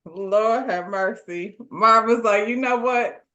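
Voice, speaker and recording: A woman's voice: a little high, takes it slowly, pushed and bright. A woman co-hosting a casual show, recapping a TV episode in slangy, laugh-filled storytelling and acting out the characters' lines. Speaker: podcast co-host reviewing a TV episode.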